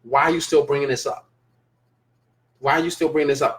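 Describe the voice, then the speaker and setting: A man's voice: on the high side, fairly even intonation, a little fast, long pauses. A man hosting a casual live-stream show, talking emphatically and repeating phrases for stress as he reads viewer comments.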